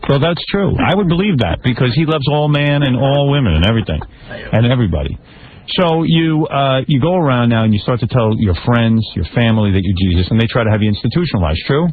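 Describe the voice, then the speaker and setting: A man's voice: medium pitch, expressive, fast. A man hosting a radio interview, asking mock-incredulous, teasing questions. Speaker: radio show host. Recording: tinny phone-like broadcast with faint hiss.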